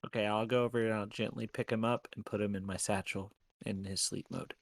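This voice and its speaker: A man's voice: on the low side, steady tone, brisk, vocal fry, dry recording. A man playing in a tabletop game, speaking in an easygoing, hesitant way. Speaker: player. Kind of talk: tabletop game play, casual.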